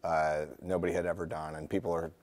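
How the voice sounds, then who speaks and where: Man, low voice, self-mocking, animated storyteller, casual TV studio interview. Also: fast. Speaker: band frontman.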